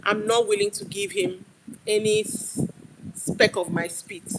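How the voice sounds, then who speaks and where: Over background noise, a young Nigerian woman speaking with a Nigerian accent delivers an emphatic, argumentative live-stream rant, driving each point hard. She has a mid-range voice with big pitch swings and an unhurried pace.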